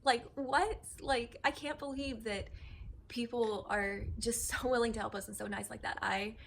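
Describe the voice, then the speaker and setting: A woman talking in a casual home vlog, close to tears and gushing with gratitude, with halting restarts. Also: a little high, fairly even intonation, creaky, a bit bright, a little hiss or hum, rough recording. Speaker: vlogger and wife. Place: home kitchen.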